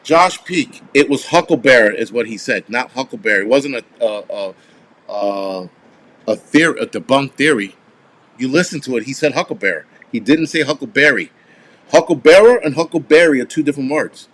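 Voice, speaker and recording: At a normal speed and in a mid-range voice, a forty-something man runs a laid-back live stream. Profane and rambling, he responds casually to viewers' comments.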